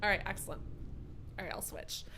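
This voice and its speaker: A woman's voice: a little fast, over music. A young woman streaming a game live, chatty and self-mocking, swearing often as she talks to her viewers.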